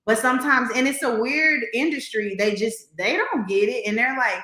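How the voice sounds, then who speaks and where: A woman with a Southern American accent, a realtor talking in a lively, folksy way as a podcast guest. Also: a little high, normal speed, roomy sound, a little hiss or hum. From Southern United States. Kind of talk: casual podcast interview.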